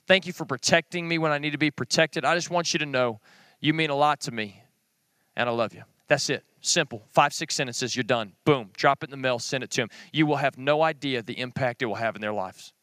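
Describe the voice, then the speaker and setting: A middle-aged man, teaching a men's group in an earnest, plain-spoken sermon with quick short phrases. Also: mid-range voice, bright, forceful tone, no echo. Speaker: Bible teacher.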